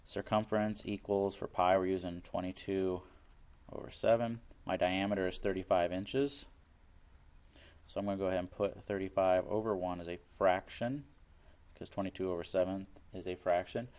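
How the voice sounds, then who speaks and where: Low-voiced male teacher walking through a math lesson, plain and patient, repeats key steps. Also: steady tone, normal speed, a little mellow, smooth. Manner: plain explanatory, repeats steps, works problems aloud.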